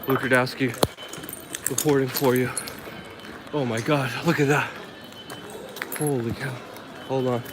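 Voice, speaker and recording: A man's voice: mid-range voice, steady tone, a little slow, pauses often. Shaken man reporting from a noisy street. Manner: shaken, repeated exclamations. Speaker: independent reporter. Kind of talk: live on-scene reporting. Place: outdoors on a city street. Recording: loud street noise outdoors.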